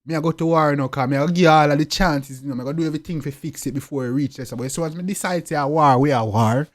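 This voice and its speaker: A young man with a Jamaican accent, talking in an interview in a forceful, repetitive way with loud emphatic bursts. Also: on the high side, fast, no echo. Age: young adult. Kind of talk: interview talk.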